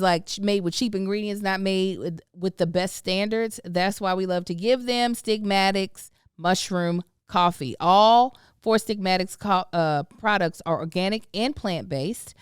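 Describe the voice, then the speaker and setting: A woman hosts her podcast, running through sponsor reads in a loose, chatty way with playful asides. Her voice is smooth and clear, and it comes across dry and close to the mic. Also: lowish voice, dry recording. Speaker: podcast host. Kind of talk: casual ad reads and chat.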